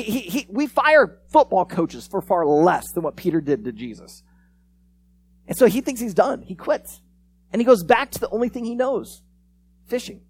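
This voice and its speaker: A preacher giving a conversational sermon, telling stories and acting out the lines of the people in them. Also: mid-range voice. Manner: animated storyteller, acts out quoted lines; conversational, frequent restarts and "like". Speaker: pastor. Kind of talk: sermon with storytelling.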